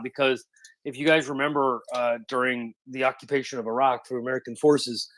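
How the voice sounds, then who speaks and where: A man in a casual online audio chat, explaining things quickly and often checking in with "right?". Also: mid-range voice, a bit bright. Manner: talks fast, keeps checking in with "right?". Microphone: phone on spotty Wi-Fi and mobile data.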